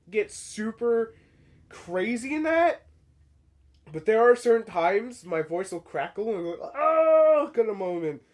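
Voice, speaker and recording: A man talks straight to his viewers in a loose, rambling opinion piece. His voice sits high and swings widely, and he swears casually and stumbles into restarts as he talks. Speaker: channel host.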